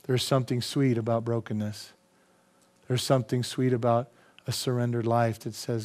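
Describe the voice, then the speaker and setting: A man's voice: mid-range voice, level tone, moderate pace, darkish tone. A middle-aged man preaching a sermon as pastor, impassioned, often asking the congregation questions.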